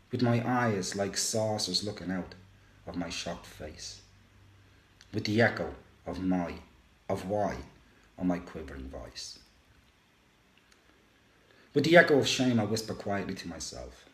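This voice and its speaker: A man reads a first-person poem slowly and emotively, his low voice swinging widely between rises and hushed drops. The room around him is roomy and echoey. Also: expressive. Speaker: radio show host.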